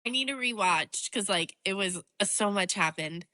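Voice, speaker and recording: Woman, podcast co-host, bright voice, dry close mic, expressive. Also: mid-range voice, normal speed, dry recording. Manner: expressive, laughs often, swears freely. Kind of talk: casual chat recapping a reality show.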